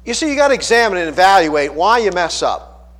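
A man's voice: high voice, big pitch swings, a little fast, a bit bright, long reverb tail. A man from Pittsburgh, a pastor preaching a folksy sermon full of rhetorical questions.

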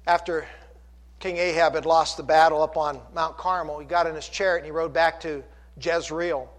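A male preacher with a notably high voice delivers a lively sermon. He asks rhetorical questions and acts out quoted speech from the story. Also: normal speed.

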